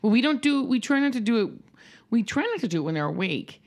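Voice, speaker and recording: A woman's voice: fairly high pitch, quick pace, gravelly. A woman in her thirties, a mother, chatting casually on a podcast and laughing as she tells stories. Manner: laughing, animated storytelling. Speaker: podcast co-host. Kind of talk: casual chat.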